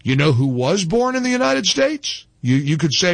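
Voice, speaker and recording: A man's voice: sits high, very animated, moderate pace, creaky, few pauses, no room sound. A man hosting a talk radio show, talking in an emphatic, indignant way and often repeating himself.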